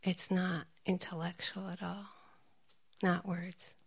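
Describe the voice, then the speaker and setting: A woman meditation teacher giving a dharma talk, telling stories, laughing often and dropping into soft whispers. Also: on the low side, level tone, slow, creaky, slightly rough.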